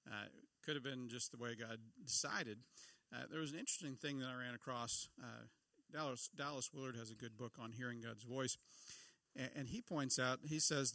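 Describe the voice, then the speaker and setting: Preaching in a conversational way, a middle-aged pastor keeps asking his audience questions. His medium-pitched voice sounds pushed and bright, recorded without any room sound.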